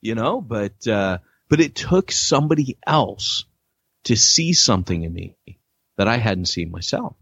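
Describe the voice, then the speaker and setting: A man co-hosting a podcast about church planting, chatting casually and telling animated stories, acting out quoted lines. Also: measured pace, husky, no room sound. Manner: animated storyteller, acts out quotes with big pitch jumps. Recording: dull lo-fi dry podcast audio.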